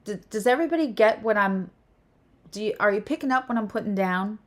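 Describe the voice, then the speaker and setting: A woman hosting a relaxed spiritual talk as an astrologer and tarot reader. Her voice sits at a mid pitch, and her delivery is expressive and emphatic, with quick restarts as she works through her thoughts. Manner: animated and emphatic, restarts phrases. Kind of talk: casual spiritual chat.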